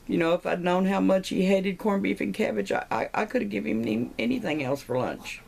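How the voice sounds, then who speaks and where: A woman's voice: medium pitch, a little fast, vocal fry, darkish tone, slight background noise, pitched above the performer's own voice. A woman voicing a grieving widow who stammers. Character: grieving adult widow, flustered.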